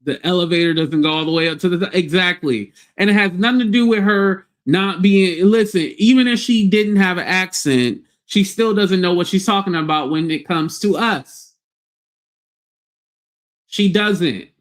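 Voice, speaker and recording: A man's voice: high voice, moderate pace, a bit bright. A man hosting a livestream, ranting bluntly and scornfully with plenty of profanity. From United States. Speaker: livestream host. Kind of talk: casual livestream rant.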